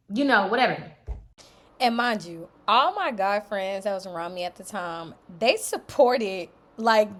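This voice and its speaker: A young woman chatting casually to her viewers as she tells a personal story, animated and talkative. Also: mid-range voice. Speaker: vlogger telling a personal story. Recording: roomy echo.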